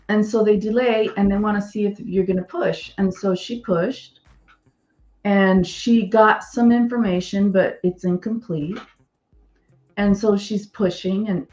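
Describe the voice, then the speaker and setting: A woman's voice: mid-range voice, fairly even intonation, slow pace, darkish tone, roomy sound, dull audio, soft background music. A woman co-hosting a podcast, bluntly explaining legal points in casual discussion.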